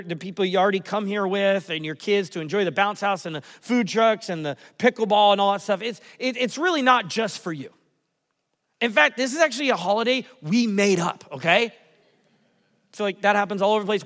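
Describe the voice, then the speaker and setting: A man in his thirties preaching a sermon as a pastor, telling a story, his voice dropping to a hush and rising to loud excitement. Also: sits high. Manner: storytelling, swings from soft and hushed to loud and excited. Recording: long reverb of a church hall.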